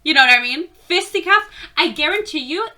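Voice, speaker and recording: Young woman, fairly high voice, bright and forceful, sarcastic book rant, swears a lot. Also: lively intonation, quick pace. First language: German. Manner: exasperated, sarcastic, swears freely. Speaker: book reviewer.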